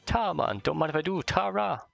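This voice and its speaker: Man putting on a cheeky fairy sidekick, chummy, slangy, gravelly edge, lively pitch. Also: a little fast, muffled recording, soft background music, full character voice.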